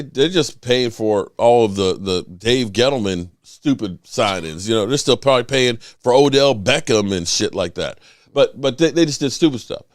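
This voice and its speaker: A man hosting a sports podcast in casual talk, emphatic and animated, often restarting his sentences. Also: mid-range voice, dry recording, studio quality.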